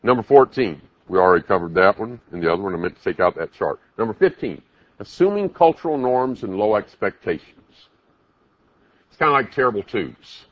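A man's voice: fairly low pitch, expressive, brisk, dry recording, highs cut off. A man preaching a sermon, emphatic, asking the congregation many rhetorical questions.

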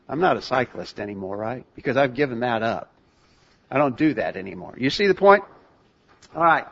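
A man's voice: medium pitch, big pitch swings, normal speed, vocal fry, a bit bright. An older man preaching a sermon in an earnest, conversational way, often asking his listeners questions. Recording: muffled lo-fi sermon recording.

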